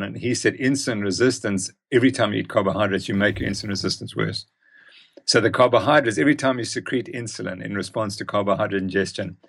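A man's voice: lowish voice, a bit bright, slightly rough. An older man, a guest expert telling stories emphatically in a conversational interview. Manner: emphatic, storytelling.

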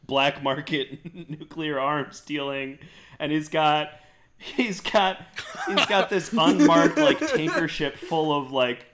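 A man's voice: a little high, expressive, takes it slowly, a bit bright. Man in sarcastic, rambling podcast banter. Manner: rambling, sarcastic, swears, many "like" fillers. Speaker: podcast co-host. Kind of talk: casual chat.

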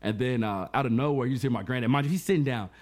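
A man's voice: mid-range voice, very fast. A man hosting a podcast, telling a story in casual chat. He keeps checking in with "you know what I'm saying.". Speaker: podcast host.

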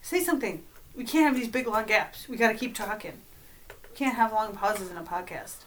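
A woman hosting a comedic podcast from her home studio, exasperated and bossy, talking fast. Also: mid-range voice, slight background noise. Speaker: podcast host.

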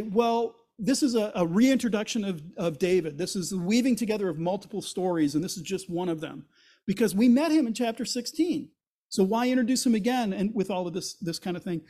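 A male pastor with a notably high voice delivers a sermon in church. He explains the passage conversationally, asks rhetorical questions, and briefly voices the characters he quotes. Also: a little mellow.

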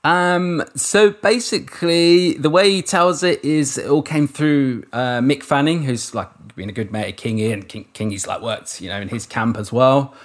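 A man's voice: mid-range voice, moderate pace, hardly any pauses. Englishman, surf commentator guest, loose rambling chat with restarts and easy swearing. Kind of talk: casual interview chat.

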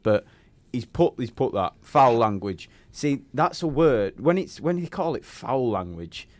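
A young man, co-hosting a podcast and ranting in a lively way, full of rhetorical questions. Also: medium pitch, measured pace, no room sound. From England. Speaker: podcast co-host. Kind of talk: casual chat.

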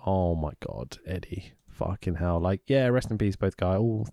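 A man chats loosely as a podcast co-host, swearing freely and breaking into laughter. His pitch swings widely from low mutters to high bursts. The sound is dry and close. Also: normal speed, vocal fry, no echo. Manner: excitable, sweary, laughs often. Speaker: podcast co-host recapping wrestling. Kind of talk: casual chat.

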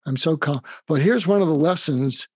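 An older man speaking as a psychiatrist guest in an interview, calm and halting, pausing often with fillers. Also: a little high, slightly rough, dry recording. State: facing terminal illness. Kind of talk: emotional conversational interview.

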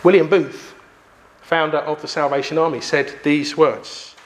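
A man, preaching a sermon emphatically with pauses for effect. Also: a little high, steady tone, slight background noise.

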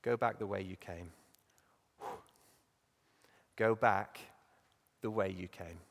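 A male preacher voicing God in a quiet, grave, searching tone, lower and softer than his own speaking voice. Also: animated, takes it slowly, gravelly. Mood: gentle, searching. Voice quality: hushed, soft and searching. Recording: long reverb in a large hall.

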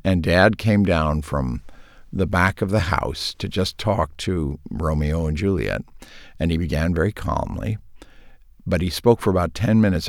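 A man talking as a guest and telling animated stories, with some restarts. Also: deep voice, creaky, no room sound, clean studio sound. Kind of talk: reminiscing conversation.

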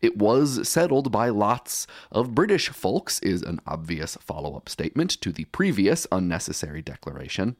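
A man narrates his podcast in a wry, playful scripted read. His voice is on the low side but very lively in pitch. The sound is dry and close, with faint music underneath. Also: normal speed, hardly any pauses, no room sound. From United States. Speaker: podcast host.

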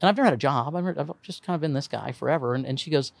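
A man from Indiana, a comedian, telling a story in casual podcast chat. He is animated, swears freely and acts out voices. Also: on the high side, very fast, gravelly, no room sound.

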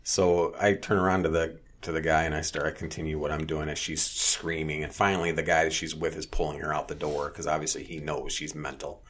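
A man telling a story in casual chat, blunt, profane and animated. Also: very deep voice, fairly quick, hardly any pauses.

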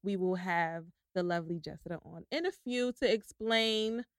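A woman's voice: on the low side, normal speed, clean tone, no echo. Woman, podcast co-host, playful banter, dry recording. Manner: playful, breaks into rapper ad-libs. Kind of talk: casual podcast chat.

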